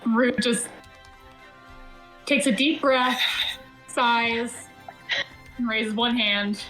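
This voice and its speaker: Brief: woman tabletop player, slightly high voice, slow and plain. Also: steady tone, fairly bright tone, faint music behind, low-quality recording. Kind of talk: describing her character's actions in a tabletop game.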